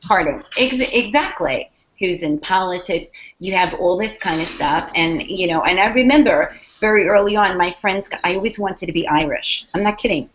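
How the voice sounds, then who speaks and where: A woman author chatting casually in an interview, telling animated stories with plenty of profanity and acted-out quotes. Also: on the low side, moderate pace, hardly any pauses. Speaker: author guest. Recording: dull lo-fi podcast audio.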